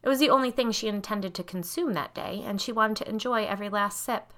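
Bright-voiced woman narrating a spooky story. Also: mid-range voice, fast talker, few pauses. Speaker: podcast host and storyteller.

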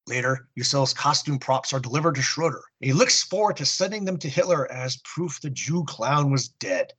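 Husky-voiced man recapping a war comic. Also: medium pitch, a bit bright. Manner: earnest storyteller with wry asides. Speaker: podcast host. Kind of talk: casual comic book recap.

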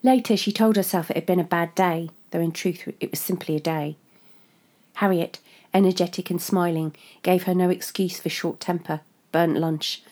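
A woman narrating a literary story in a measured, restrained way. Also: on the low side, steady tone, mellow.

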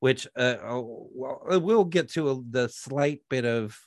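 A man with a mid-range voice and measured pace co-hosts a podcast, casually chatting about a movie. He rambles, interrupts himself and keeps a sardonic tone, on a dry recording.

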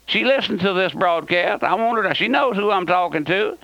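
Fiery high-voiced radio preacher. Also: male voice, expressive, fairly quick, gravelly, sharp tone, dry recording. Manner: impassioned, repeats phrases, calls listeners "my friend". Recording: dull dry radio recording.

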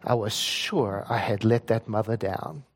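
A man's voice: lowish voice, steady tone, a little slow. A man who works as a prayer practitioner, telling a personal story in a spiritual talk, earnest and rising to emphatic points.

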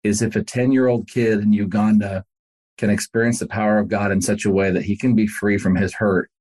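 A man's voice: lowish voice, level tone, fairly quick, a little mellow. A man, a pastor and podcast guest, telling a story in casual conversation and speaking earnestly and directly to the listener.

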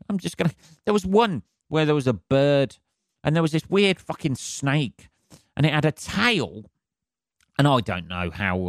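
A man's voice: fairly low pitch, dry recording, clean studio sound. Sweary man rambling alone. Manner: sweary, rambling, wry, asks for agreement. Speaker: podcast host. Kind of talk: rambling comic monologue.

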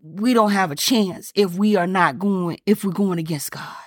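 A woman's voice: mid-range voice, normal speed, dry recording, clean studio sound. A woman pastor preaching a fervent sermon, repeating her points and firing rhetorical questions in a casual, folksy way. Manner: colloquial Southern-style phrasing like y'all and ain't.

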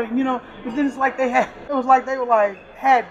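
A woman's voice: on the high side, steady tone, quick pace, gravelly, few pauses, dull audio. Brief: cheerful middle-aged woman, chatty and preachy, crowd chatter all around. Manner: warm, upbeat, laughs often, preachy asides. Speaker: airport store worker. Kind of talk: casual interview. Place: busy airport store. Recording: crowded airport background.

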